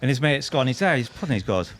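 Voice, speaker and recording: A man with a husky voice, a podcast guest telling funny stories in a lively, laughing way, acting out what other people said. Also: mid-range voice, fast, very noisy. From England. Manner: animated, laughing anecdotes with acted-out quotes. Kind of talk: storytelling chat.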